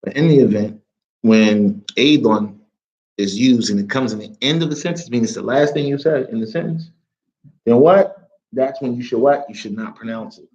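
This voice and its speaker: A man with an American accent teaching an Arabic lesson to a small class, lively and often checking that everyone follows. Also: medium pitch, a little fast, muffled recording. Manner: lively, mixes English with Arabic reading, checks understanding often.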